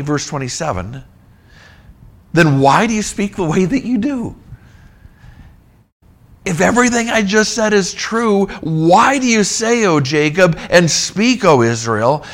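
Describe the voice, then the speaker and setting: Emphatic preaching man. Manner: emphatic, rises to near-shouts and drops low. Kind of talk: expository sermon.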